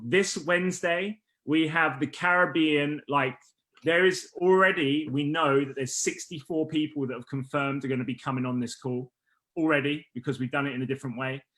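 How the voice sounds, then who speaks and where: A man hosting a casual business team call, energetic and rallying, who says he is losing his voice. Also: a little high. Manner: energetic, rallying, restarts often.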